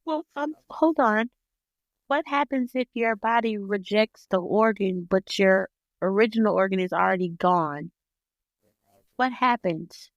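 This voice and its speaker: A woman's voice: medium pitch, measured pace, no room sound, highs cut off. A woman hosting a podcast, asking curious follow-up questions in a casual chat. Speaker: podcast host.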